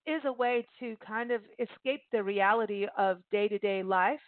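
A woman hosting a casual interview, lively and chatty. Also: mid-range voice, normal speed, dry recording. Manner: lively, chatty, laughs and puts on voices. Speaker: host. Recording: phone-like remote call audio.

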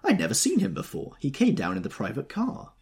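A man's voice: mid-range voice, very animated, brisk, a little mellow, breathy edge, pitched above the performer's own voice. A man voicing a peevish, flighty young society woman in an audiobook reading, in a raised, plaintive voice. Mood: petulant.

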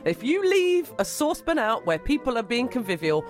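A man co-hosting a casual chat, speaking with a cold and dry quick asides. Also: very high-pitched, very animated, faint music behind. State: has a cold. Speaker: co-host.

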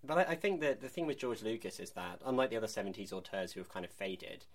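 A man co-hosts a casual film podcast with a sardonic, joking manner. His voice sits on the low side, and he often slips into laughter. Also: expressive, fast talker. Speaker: podcast co-host.

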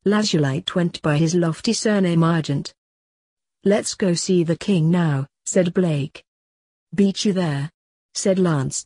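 Woman narrator, low-ish husky voice, dry close sound. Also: dark tone, dry recording. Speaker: podcast host and author reading her story. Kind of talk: storytelling narration.

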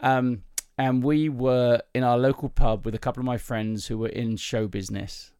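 Chatting and cracking jokes, this podcast host rambles along with frequent laughter. He has a medium-pitched, steady, slightly mellow voice that is clear and resonant, at normal speed, recorded in a clean studio without room sound.

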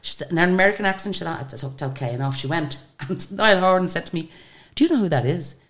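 A woman's voice: fairly low pitch, fast. An older woman, a singer, telling chatty stories in a radio interview and acting out the dialogue. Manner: chatty, animated retelling of stories with quoted dialogue. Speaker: guest singer. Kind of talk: radio interview, anecdotal storytelling.

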